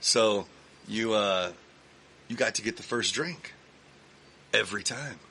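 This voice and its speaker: A man's voice: on the low side, slow, a little hiss or hum. A man from Texas, a podcast guest in a recording studio, telling long stories in a casual, profane way full of fillers and restarts. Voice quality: profane, animated storyteller with lots of fillers. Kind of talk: casual storytelling chat.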